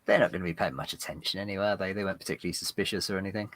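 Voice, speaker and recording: A man's voice: low-pitched, steady tone, racing, fairly bright tone. A man playing a tabletop game, easygoing and decisive in character. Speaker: player.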